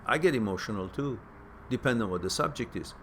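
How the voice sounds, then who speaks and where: A man hosting a question-and-answer stream, giving casual spoken advice that turns animated as he stresses points and repeats words. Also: mid-range voice, quick pace, slight background noise. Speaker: host answering viewer questions.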